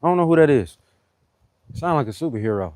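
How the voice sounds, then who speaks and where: A man's voice: on the high side, animated, fast, darkish tone, no echo. Man chatting loosely on a fitness livestream. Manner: loose and rambling, greets commenters, keeps saying "you know what I'm saying". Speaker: fitness live-streamer. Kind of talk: casual live-stream chat to viewers.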